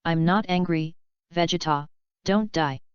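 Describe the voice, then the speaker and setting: A woman voicing a tearful, excitable grown woman in an even, plain reading. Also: fairly low pitch, measured pace, clear, resonant tone, no room sound, lo-fi sound, close to an everyday voice. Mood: anxious.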